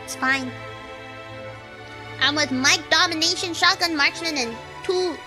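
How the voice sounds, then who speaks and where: A woman's voice: high voice, a little slow, over music. A woman streaming a shooter game, chatting casually, swearing and yelping at the action. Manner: excitable, swears and yelps at the game.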